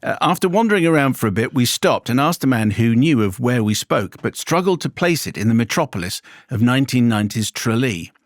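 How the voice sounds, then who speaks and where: A man's voice: mid-range voice, big pitch swings, brisk, hardly any pauses, dry recording. A man co-hosting a chat show, reading out listener emails with dry, teasing banter. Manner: dry, teasing, reads letters aloud.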